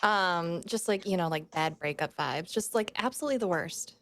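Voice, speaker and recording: A woman's voice: lowish voice, normal speed, a bit bright, dry recording. A woman playing in a tabletop role-play, talking in a breezy, casual, chatty way. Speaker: player.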